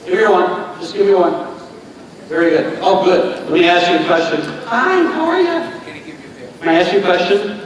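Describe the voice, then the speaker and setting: A man's voice: high voice, fairly even intonation, fairly quick. A man performing as a stage magician, chatting and joking with volunteers in front of a live audience. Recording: echoey theater hall from far off, audience noise.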